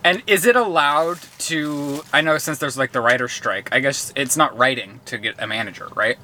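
A man's voice: medium pitch, normal speed, pushed and bright, a little hiss or hum. A young man co-hosting a podcast, teasing and asking curious questions in casual chat while eating. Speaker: podcast co-host.

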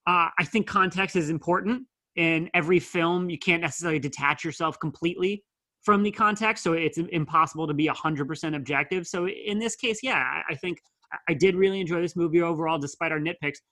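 A man co-hosting a casual film review, talking in a measured, analytical way with wry asides. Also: on the high side, bright, forceful tone, no room sound.

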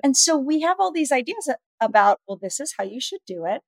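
Woman expert guest, middle-aged, animated storyteller, higher pitch, dead-dry sound. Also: fairly quick, no echo. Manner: animated storyteller, acts out dialogue. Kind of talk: podcast interview.

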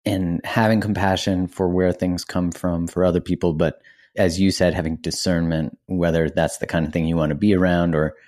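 A man hosting a podcast, relaxed and casual, swearing now and then. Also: low voice. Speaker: podcast host. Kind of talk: casual conversation.

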